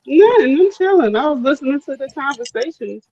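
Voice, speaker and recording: A man's voice: very high voice, expressive, a little fast, vocal fry, darkish tone. A man with a New York accent, a laid-back, teasing guest in a casual livestream chat. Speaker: call-in guest. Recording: dull lo-fi call audio.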